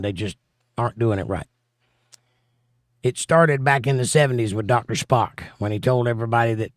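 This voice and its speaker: Reading out comments from viewers, this livestream host responds in a relaxed, offhand manner during his casual show. He speaks at a medium pitch, captured in a dry, studio-quality recording.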